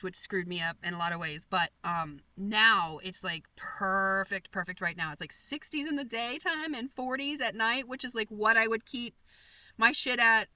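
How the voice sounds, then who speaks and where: A woman's voice: fairly high pitch, bright, forceful tone, dry recording. An American woman hosting a casual livestream, chatting and reading viewer comments in a rambling, effusive way. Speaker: livestream host.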